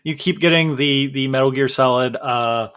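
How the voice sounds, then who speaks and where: A man's voice: medium pitch, normal speed, clear, resonant tone. A man running a tabletop game as game master, talking casually and jokily with loose fillers. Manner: relaxed, joking, loose with fillers.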